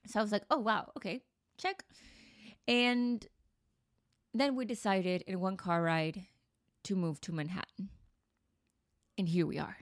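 Earnest thirties woman, podcast host and coach, reflective and heartfelt, mid pitch, dry close-miked sound. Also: fairly even intonation, a little slow, long pauses, no echo. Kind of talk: personal storytelling monologue.

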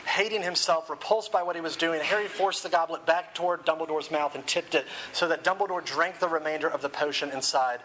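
A male pastor delivers a sermon with a bright, forward voice, quick and casual. He throws out rhetorical questions and jokey asides, and sits a touch above the usual male pitch. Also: slight background noise, rough recording.

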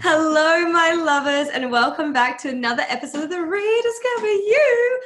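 A woman's voice: extremely high pitch, lively intonation, normal speed, a bit bright. A young woman hosting a podcast, chatting in a bubbly, storytelling way. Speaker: podcast host. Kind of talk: casual podcast chat. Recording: echoey room.

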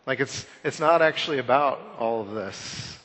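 A man in his thirties preaching a conversational Easter sermon, telling self-deprecating stories and swinging between loud and hushed. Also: mid-range voice, expressive, normal speed. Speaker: pastor. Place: church sanctuary. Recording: long church hall reverb.

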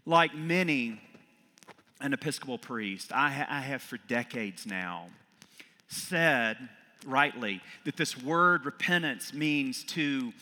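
A middle-aged man, an Episcopal priest, preaching a sermon with loud emphatic peaks that fall back to quiet reflection. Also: mid-range voice, animated, takes it slowly. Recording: long reverb of a large hall.

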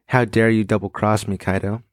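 A vengeful male tyrant cackles and swears to slaughter everyone, as a man reads him out. The voice is low and muttered rather than loud. The sound is dry and close. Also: flat delivery, normal speed, no echo, lightly acted.

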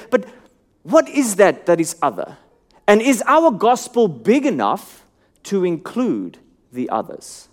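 A man preaching a sermon, earnest and searching, asking the listeners questions and dropping his voice low and soft to stress a point.

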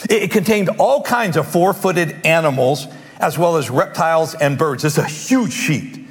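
A man preaching a sermon, animated and emphatic, reading scripture aloud and acting out its scenes. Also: on the high side, moderate pace. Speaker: pastor. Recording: long hall reverb.

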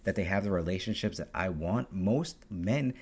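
A man's voice: low-pitched, animated, a little mellow, husky. A young man hosting his own podcast alone, talking bluntly and swearing constantly in a casual monologue. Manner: profane, blunt, fast-talking. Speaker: podcast host.

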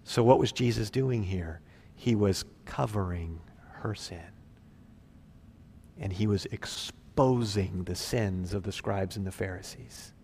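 A male pastor delivers a sermon with a gravelly, creaky texture in his voice. He preaches expressively, pressing hard on key words and then dropping to hushed, near-whispered asides. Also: fairly low pitch, slow pace, a little hiss or hum.

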